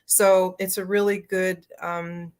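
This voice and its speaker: A woman guest in an interview, telling family stories in a chatty, animated way with many fillers. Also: fairly low pitch, slow pace. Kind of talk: casual storytelling.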